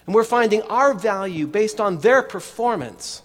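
A man's voice: sits high, animated, measured pace, a bit bright, big-room sound. A man preaching a sermon in a chatty way, with many restarts and asides to the congregation. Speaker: pastor.

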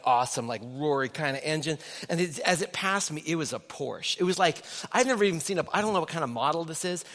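A man with a high, bright voice preaches a sermon to his church. He tells stories with animation and slips into acted inner voices. His voice carries a long reverb through the church hall. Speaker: pastor.

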